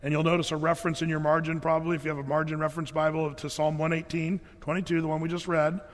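A man's voice: a little high, flat delivery, fast talker. A man preaching a sermon as pastor, reading scripture aloud and then explaining it in a conversational, folksy way, with frequent fillers and restarts. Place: church. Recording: long hall reverb.

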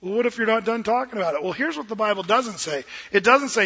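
A middle-aged man, a pastor preaching a sermon in an animated, joking way that acts out quoted voices. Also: high-pitched, quick pace, slightly rough, highs cut off.

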